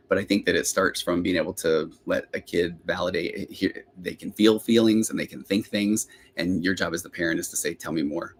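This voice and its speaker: Fast-talking middle-aged male therapist host. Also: deep voice, slight background noise. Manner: rambling, self-interrupting, chatty. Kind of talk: live Q&A podcast chat.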